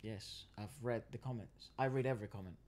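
A man's voice: on the low side, brisk, a little mellow. A man co-hosting a reaction video, chatting casually and bantering with jokes. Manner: joking, bantering, laughs often. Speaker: co-host of a reaction channel. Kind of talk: casual chat.

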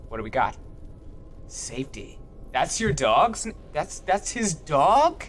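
A man's voice: medium pitch, lively intonation, moderate pace, fairly bright tone, slight background noise. A young man doing let's play commentary, goofy and joking, swearing as he plays. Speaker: gaming youtuber.

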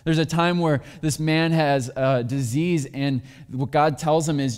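A pastor with a slightly high, darkish voice preaches at a measured pace, talking openly and drawing on his own life stories. The recording, made in a church sanctuary, carries a long hall reverb.

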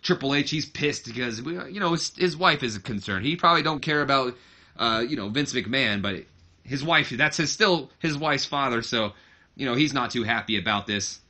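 Casual male let's-play narrator; bright tone, rambling, self-correcting. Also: medium pitch, expressive, moderate pace. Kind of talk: casual game commentary.

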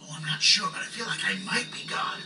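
An actor voicing a disembodied brain that is giddy, confused and grandiose, with an excitable, wildly swinging delivery. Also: male voice, fast, over music, lightly acted. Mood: awestruck. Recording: echoey, distant, with noisy ambience.

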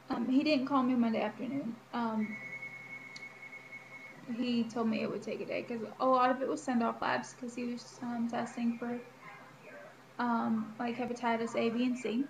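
Young woman vlogging, kinda high voice, rambly with lots of ums, roomy echo and faint hiss. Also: gravelly. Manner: chatty, frequent ums and likes, laughs between remarks. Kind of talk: casual personal health update vlog. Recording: echoey room with faint ambient noise.

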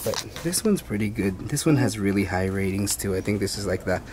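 A man with a rough, gravelly voice, chatting in a laid-back, rambling way for a vlog while out shopping. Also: on the low side, expressive, fairly quick, noisy background. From Hawaii. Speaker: vlogger. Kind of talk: casual vlog chat. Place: car and a big-box store.

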